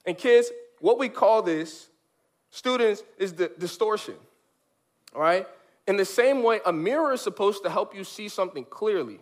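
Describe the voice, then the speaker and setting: A man preaching a lively sermon for children, animated and emphatic, with big swings from high to low. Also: normal speed. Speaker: children's pastor. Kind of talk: sermon for kids.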